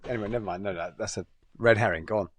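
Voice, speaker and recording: A man's voice: on the low side, very fast. A man from England, a podcast co-host, breaking in with asides and follow-up questions in casual chat.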